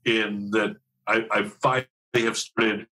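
On a poor-quality recording, a fiftysomething TV writer guesting on a podcast talks openly in a lowish, steady voice with a pushed, bright quality. His pace is measured, and he rambles with plenty of restarts and self-deprecating asides.

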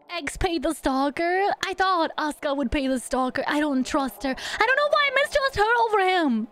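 Young woman streamer, super high voice, bubbly and playful, hums little noises, pitch all over. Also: sing-song, moderate pace, few pauses, noisy background. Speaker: VTuber streamer. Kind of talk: live gameplay commentary.

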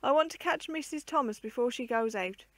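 A woman reading aloud, voicing a brisk older sister speaking in a half-careless tone, in a dry room. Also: high-pitched, a bit bright, dry recording. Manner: brisk, offhand.

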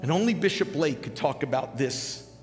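A man's voice: on the high side, lively intonation, normal speed. An older man, a pastor, preaching a sermon in a conversational, storytelling way at a live conference, on a stage microphone. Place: large conference hall. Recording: live hall reverb with music behind. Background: music.

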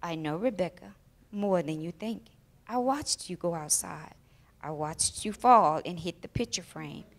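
A woman voicing a loving, patient father in a children's story, speaking softly and tenderly. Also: on the low side, expressive, unhurried. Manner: soft, tender, welcoming. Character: loving, patient father waiting for his daughter.

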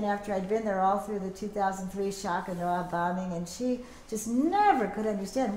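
A middle-aged woman giving a teach-in as an activist, telling lively anecdotes and acting out the voices of people she quotes. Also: mid-range voice. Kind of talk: public talk with storytelling. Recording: echoey room, faint background noise.

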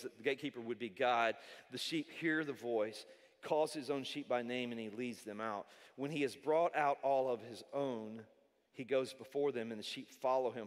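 A pastor giving a sermon in a casual, conversational way, repeating himself and slipping in jokes. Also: male voice, on the high side, a bit bright. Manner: conversational preaching with repetitions and jokes. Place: large church hall. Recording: hall reverb.

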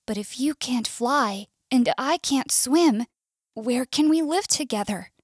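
Woman doing a sweet high little bird boy. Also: expressive, takes it slowly, slightly rough, no echo, clean studio sound, heavily acted. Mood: sad. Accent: US English. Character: cheerful loving male bird.

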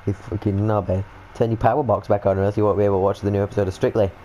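Excitable British man narrating gameplay. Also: fairly low pitch, very fast, a little hiss or hum, poor audio. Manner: excitable, sweary, jokey. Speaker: gaming video host. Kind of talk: let's-play commentary.

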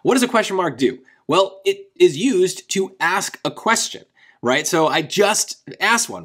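Man, high voice, test tutor, conversational explanation, rephrases himself. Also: sing-song, a little slow, a bit bright, husky. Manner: conversational, rephrases often, asks "right?" for agreement. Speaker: SAT tutor.

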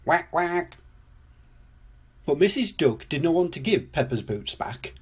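An older man narrating a children's storybook read-aloud in a gentle, unhurried manner. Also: a little high, sing-song, husky.

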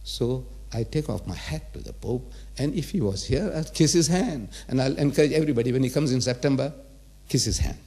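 A man's voice: mid-range voice, lively intonation, a little fast, warm tone. A man in his seventies giving a religious lecture to a live audience, emphatic, repeating phrases and firing rhetorical questions at the listeners. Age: 70s.

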